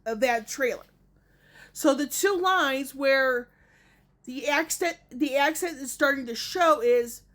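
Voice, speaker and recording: A woman's voice: sits high, fairly bright tone. A woman giving her opinions in a casual gaming vlog, talking in a rambling way and correcting herself often. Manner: rambling, self-correcting, many hedging asides. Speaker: gaming vlogger.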